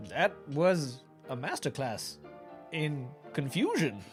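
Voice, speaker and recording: Very animated, swooping player at a game table. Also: medium pitch, slow, soft background music. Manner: laughing, animated questions. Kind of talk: casual game play.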